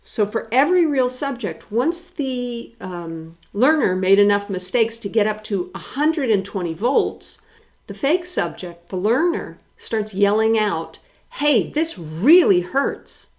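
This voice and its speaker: A woman's voice: medium pitch, expressive, a little slow, a little mellow. Woman, psychology professor, recorded lecture, explanatory with rhetorical questions.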